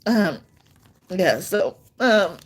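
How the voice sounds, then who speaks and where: A woman's voice: medium pitch, sing-song, extremely slow, husky. A woman giving a live-stream tarot reading, talking in a loose, rambling way with many restarts and laughing between sentences. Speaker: tarot card reader.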